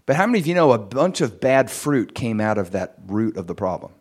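A man preaches a sermon and weaves in his personal story. He tells it with animation, and his voice leaps up high and loud at the excited parts. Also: fairly quick. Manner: animated storytelling, jumps much higher and louder in excited moments.

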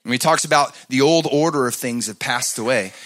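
A man preaching a sermon, moving from loud, emphatic passages to soft, hushed asides and asking the congregation to answer back. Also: mid-range voice, brisk. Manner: talks to the congregation, asks them to answer back. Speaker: pastor.

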